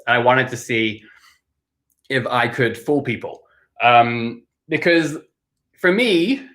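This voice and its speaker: A man's voice: medium pitch, a bit bright. Chatty, hesitant man hosting a live Q&A. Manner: chatty, hesitant, with many pauses and fillers. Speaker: livestream host answering questions. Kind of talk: casual live Q&A chat.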